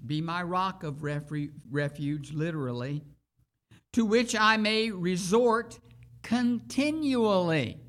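Preacher delivering a sermon with scripture reading: extremely slow and deliberate, pitch in the middle of the range, key phrases repeated for emphasis. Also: animated, a bit bright.

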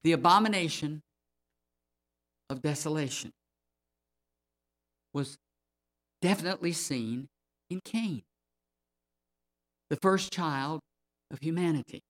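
Slow, emphatic male preacher. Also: on the high side, fairly bright tone. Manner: slow, emphatic, rising in force on key words. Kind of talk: sermon with Bible reading.

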